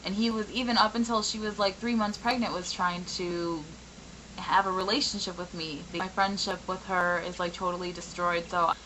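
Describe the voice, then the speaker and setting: Twenty-something woman venting on her vlog, bit raspy from a sore throat, bright voice, faint hum behind her. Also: lowish voice, little pitch movement, normal speed, poor audio. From Michigan, US. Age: 20s. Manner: candid, frustrated, rambling with many fillers. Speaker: vlogger.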